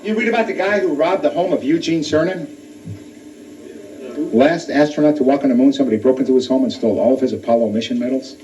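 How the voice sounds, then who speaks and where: A man doing a stand-up comedy routine in a comedy club, working the crowd between quick punchlines. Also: mid-range voice, dark tone. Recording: distant lo-fi club recording. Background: audience laughter.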